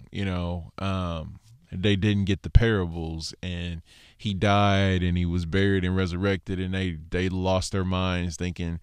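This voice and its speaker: Chatty man teaching Torah, low smooth voice. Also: unhurried, dry recording. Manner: conversational, acts out quoted people in lively voices; self-deprecating humor with laughs.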